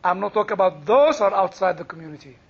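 Man, very high voice, Bible study teacher, animated, jokey, dull lo-fi recording. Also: fast. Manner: animated, jokey, quizzes the class. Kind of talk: interactive class teaching. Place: classroom with a group.

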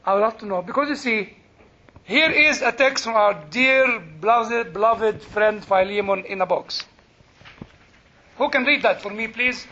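A man teaching a Bible study class in an animated, joking way, quizzing his listeners. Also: very high voice, unhurried. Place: classroom with a group. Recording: dull lo-fi recording.

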